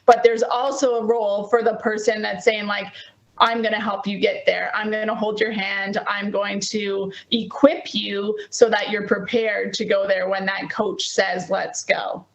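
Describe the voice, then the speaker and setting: A woman's voice: medium pitch, flat delivery, measured pace, gravelly, poor audio. A woman host talking things through in a reflective way with her guest. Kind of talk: podcast conversation.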